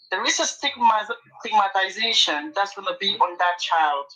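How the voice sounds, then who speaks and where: Bright-voiced Nigerian woman arguing. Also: medium pitch, animated, normal speed, poor audio. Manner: argumentative, rising when interrupted. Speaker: panelist. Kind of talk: heated debate.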